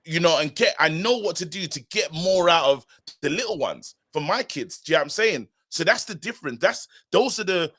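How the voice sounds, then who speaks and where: Casting: animated male fan co-host, fairly high, bright voice. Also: brisk, hardly any pauses. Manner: animated, emphatic, repeats himself. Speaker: co-host of a football fan show. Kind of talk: casual live-stream chat.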